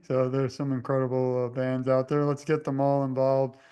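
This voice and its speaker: A young man hosting a casual interview, rambling and halting with many fillers. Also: medium pitch, monotone, warm tone, clear, resonant tone, dull audio. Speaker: host.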